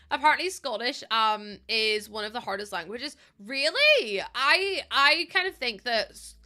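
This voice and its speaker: Bright, chatty woman streamer. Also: a little high, big pitch swings, a little slow. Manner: chatty, giggly, rambling asides to chat. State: tired. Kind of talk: casual live-stream chat while playing.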